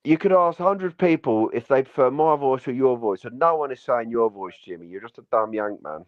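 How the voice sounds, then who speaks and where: A man's voice: medium pitch, expressive, fairly quick, no echo. Blunt man, dull dry audio. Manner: blunt, insulting banter. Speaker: panelist. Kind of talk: heated online panel debate.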